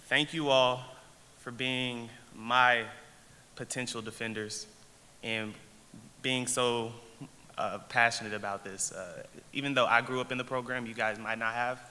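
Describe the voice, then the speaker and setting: A young man giving an emotional award acceptance speech, choked up and halting, on a stage mic in a large event hall. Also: medium pitch, sharp tone. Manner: halting, with many restarts and fillers. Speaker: award recipient. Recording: long hall reverb, faint noise.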